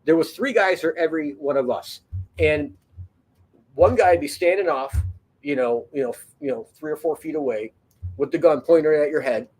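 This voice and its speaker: A man's voice: fairly high pitch, normal speed, darkish tone, breathy edge. A man telling a long story in a casual, rambling way, full of fillers, restarts and swearing. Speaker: podcast host.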